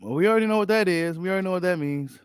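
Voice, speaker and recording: Slangy, animated male boxing vlogger. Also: high-pitched, racing, clean tone, dry recording, studio quality. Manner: animated, slangy, repeats himself for emphasis. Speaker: boxing channel host. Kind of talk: casual reaction commentary.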